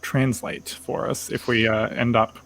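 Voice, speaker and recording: A man's voice: mid-range voice, flat delivery, a little slow, a bit bright, slight background noise. A man describing his character's actions in a tabletop game, rambling with lots of fillers. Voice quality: rambling, filler-heavy, laughing. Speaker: player.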